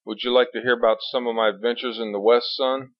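A man narrating a story, voicing a calm, friendly cowboy with a Southern drawl. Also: medium pitch, fast talker, no echo, muffled recording, pitched above the performer's own voice, close to an everyday voice.

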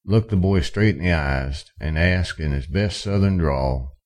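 A man reading a western story aloud in steady, measured narration. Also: low-pitched. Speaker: audiobook narrator. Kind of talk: scripted narration.

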